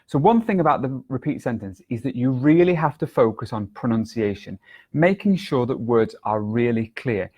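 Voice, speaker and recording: Man, exam tutor, video lesson, clear deliberate delivery, mid pitch. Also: animated, darkish tone. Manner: clear, deliberate teaching delivery with exaggerated intonation examples.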